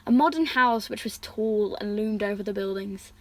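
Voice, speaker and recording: A woman's voice: medium pitch, normal speed, no room sound, poor audio. A woman reading a fantasy story aloud, restarting words now and then. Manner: reads characters' lines with stronger feeling, slips and restarts words. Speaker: reader.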